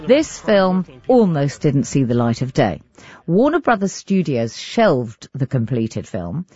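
An English woman hosting a radio arts show, presenting and interviewing in an articulate, lively manner. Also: low-pitched, slow pace, breathy edge, highs cut off.

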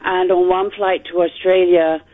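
A woman, calling in to a radio show and gently telling a story. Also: fairly low pitch, level tone, unhurried. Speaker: caller. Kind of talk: telling an anecdote on the phone. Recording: phone line.

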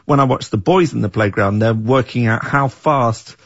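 Gravelly, husky middle-aged man, reflective. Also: medium pitch, moderate pace, no room sound. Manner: thoughtful, with frequent restarts. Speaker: series creator and writer. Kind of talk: reflective interview answers. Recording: dull, dry, lo-fi sound.

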